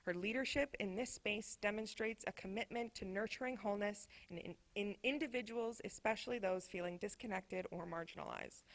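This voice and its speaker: A woman's voice: medium pitch, a little fast, few pauses. Woman host reading an introduction. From France. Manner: reads a bio with small slips, self-correcting. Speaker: event host introducing a speaker.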